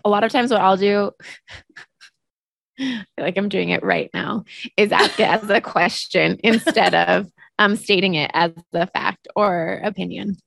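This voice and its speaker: A woman in casual chat, reflective and tentative, laughing softly. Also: mid-range voice, unhurried, vocal fry, no room sound.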